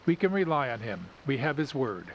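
A man voicing a stiff older country gentleman, reading in a clipped, earnest way. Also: medium pitch, sing-song, brisk, dull audio, slight background noise, natural voice.

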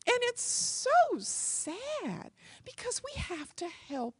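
A woman's voice: wildly swooping pitch, takes it slowly, no echo, heavily acted. Woman doing a sunny sing-song mother. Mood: sweetly cheerful. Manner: sing-song, coaxing, bright and high. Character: cheerful, gentle singing mother, sunny and sweet.

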